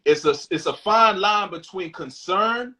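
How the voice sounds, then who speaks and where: A man's voice: sits high, unhurried, bright, forceful tone, poor audio. A man co-hosting a candid talk show, speaking bluntly and emphatically, swearing freely and reading out viewer questions. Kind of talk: candid casual chat.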